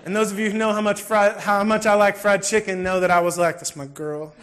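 A man's voice: high-pitched, level tone, fast talker. A middle-aged man, preaching a sermon and telling personal stories in a conversational way. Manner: conversational preaching, swings from soft asides to loud bursts. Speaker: pastor.

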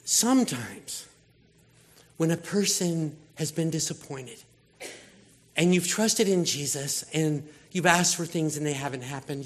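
Man, preacher, casual sermon, slightly high voice, acts out voices while telling stories. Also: a little slow. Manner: casual, animated storytelling with acted-out voices. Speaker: pastor.

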